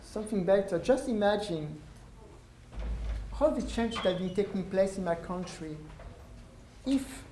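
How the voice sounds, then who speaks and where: A man with a French accent giving a public talk to an audience. He speaks haltingly with many ums, and his voice is going hoarse. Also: high voice. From France. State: losing his voice. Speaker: visiting ambassador speaking to an audience. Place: lecture room at a university. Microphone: no microphone, room recording. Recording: echoey room with faint noise.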